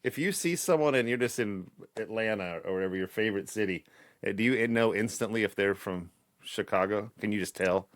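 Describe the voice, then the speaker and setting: A middle-aged man co-hosting a podcast in casual chat, animated, swearing and laughing often. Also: lowish voice, brisk, dry recording, studio quality. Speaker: podcast co-host.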